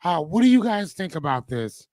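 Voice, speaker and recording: A man hosts a live coaching stream. He reads viewer comments and riffs on them in an animated, slangy, joking way. His voice sits a little high, and the sound is dry and close to the mic. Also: normal speed, no room sound. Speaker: host and coach.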